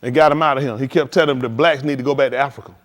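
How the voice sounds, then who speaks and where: A man's voice: medium pitch, steady tone, very fast. A man preaching at a livestreamed scripture teaching, emphatic and slangy, firing rhetorical questions at his listeners. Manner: slangy street talk.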